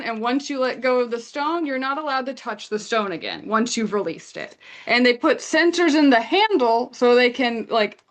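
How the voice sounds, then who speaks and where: A young woman from Canada telling a story in casual chat, animated and acting out quotes. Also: fairly high pitch. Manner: animated retelling with acted-out quotes. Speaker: guest storyteller.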